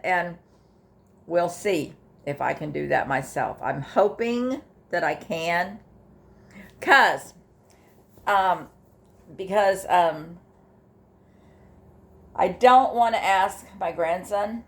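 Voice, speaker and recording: An older woman, talking casually in a personal vlog, halting with fillers and restarts, emotional and close to tears at times. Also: medium pitch, lively intonation, a bit bright. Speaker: vlogger sharing her grief journey.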